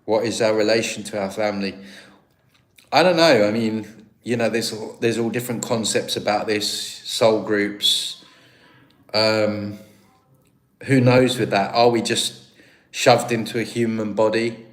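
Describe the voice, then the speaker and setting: A man's voice: on the low side, steady tone, measured pace, pauses often. A British man hosting a livestream, chatting casually and answering viewer comments in a rambling, self-deprecating way. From Britain. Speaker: livestream host. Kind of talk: casual live-stream chat, reading viewer comments.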